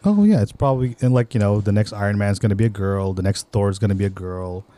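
In casual podcast chat, a Filipino co-host rambles along, stumbling through fillers and restarts. He talks fast in a warm, lowish voice.

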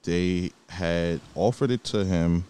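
A man's voice: deep voice, slow pace, warm tone, clean tone. A man co-hosting a casual podcast chat who moves the talk between topics. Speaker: podcast co-host.

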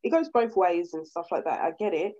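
Animated woman telling stories. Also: fairly low pitch, brisk. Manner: animated storyteller, swears, acts out quoted men. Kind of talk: casual podcast chat. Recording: dull lo-fi audio.

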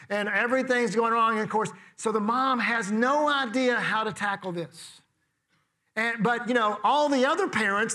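This man's voice is high-pitched and sharp. He's a pastor delivering a sermon in a conversational style, posing rhetorical questions to his congregation.

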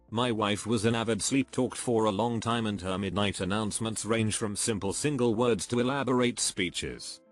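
A man reading forum stories aloud in a scripted narration, with dry, conversational asides between them. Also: fairly low pitch.

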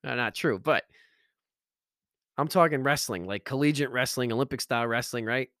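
Energetic middle-aged male podcast host, motivational monologue, emphatic, very dry recording. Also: mid-range voice, moderate pace, no echo. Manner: energetic, emphatic, repeats phrases for effect.

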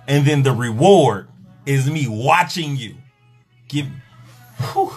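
Husky exasperated man ranting for laughs. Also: medium pitch, animated, slow, faint music behind. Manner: exasperated, profane, joking. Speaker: sexologist and pleasure coach. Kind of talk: comedic rant on a podcast.

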